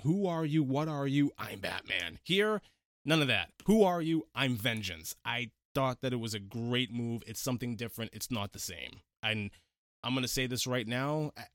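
A man's voice: medium pitch, sharp tone, no echo. Enthusiastic man gushing about a movie. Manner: enthusiastic, gushing, stammers on restarts. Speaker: podcast host. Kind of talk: casual movie review chat.

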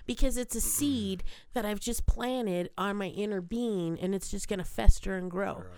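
A woman hosting a podcast, telling a story in casual chat, animated and profane, laughing often. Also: mid-range voice, normal speed, clean tone, dry recording, studio quality. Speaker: podcast host.

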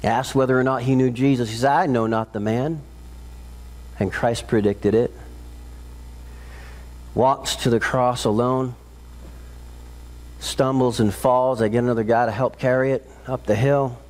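A man preaching to his congregation in a mid-pitched voice. He tells the story with dramatic force, pushing higher and louder as tension builds. Then he sinks into slow, hushed solemnity. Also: steady tone. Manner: dramatic, rising to intense high peaks then dropping low and slow. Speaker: pastor. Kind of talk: sermon.

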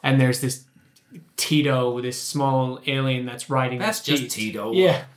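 Casting note: male guest, chatty storyteller, mid-pitched, slightly echoey room. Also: measured pace. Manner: animated, acts out quotes in his story. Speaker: creature performer guest. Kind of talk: casual storytelling chat. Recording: roomy echo.

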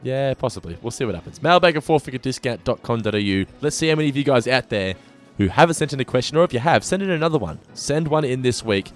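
A man's voice: medium pitch, lively intonation, fast talker, hardly any pauses, faint music behind. A man co-hosting a podcast in casual chat, rambling with frequent restarts. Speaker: podcast co-host.

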